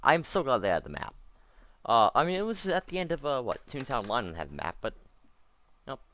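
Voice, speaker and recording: A man's voice: mid-range voice, sing-song, normal speed, fairly bright tone. A man doing casual let's-play commentary, rambling and correcting himself, with wry asides. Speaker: gameplay commentator.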